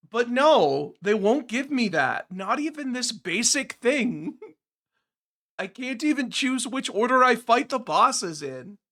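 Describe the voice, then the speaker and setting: Streaming a game, a man chats casually with his viewers, sarcastic and quick to get exasperated. His voice is very high-pitched, pushed, and bright.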